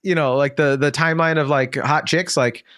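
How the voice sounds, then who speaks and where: A man's voice: steady tone, moderate pace, fairly bright tone, no echo, studio quality. A man co-hosting a comedy podcast in casual chat, rambling with many fillers and popping into mocking voices. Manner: rambling, lots of "like", jumps into high mocking voices for quoted people.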